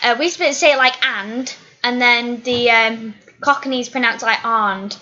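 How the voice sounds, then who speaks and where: Giggly high bright woman. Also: steady tone, moderate pace. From northeast Wales. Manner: giggly, chatty storyteller. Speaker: YouTuber. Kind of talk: casual Q&A chat. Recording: dull lo-fi recording.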